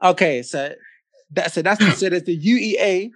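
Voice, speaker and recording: A man's voice: high-pitched, normal speed, no room sound. A man with a British accent, a guest in a casual chat, bantering with good humor and laughing along.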